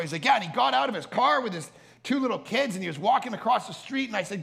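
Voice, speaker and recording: A man's voice: very high voice, expressive, fast, gravelly, pushed and bright. A man preaching a sermon at a family camp, telling stories animatedly and acting out the people he quotes. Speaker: pastor.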